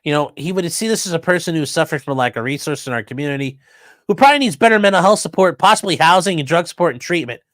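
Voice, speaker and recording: A man's voice: on the high side, fast talker, no room sound. A man hosting a podcast, commenting sarcastically and profanely on news clips. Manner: sarcastic, profane, animated mockery. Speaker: podcast host.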